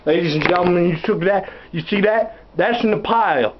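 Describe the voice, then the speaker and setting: A man's voice: high-pitched, a little fast, background noise, lightly acted. A man playing a crude, blustering backwoods salesman who rambles and curses while hawking junk, in a comic home-video sketch. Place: indoors at home. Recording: roomy, dull home camera audio.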